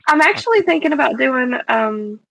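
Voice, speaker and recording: A woman's voice: high voice, sing-song, normal speed, vocal fry, a crowd in the background, low-quality recording. A woman with an American Southern accent in a casual live stream chat, speaking shyly and with giggles.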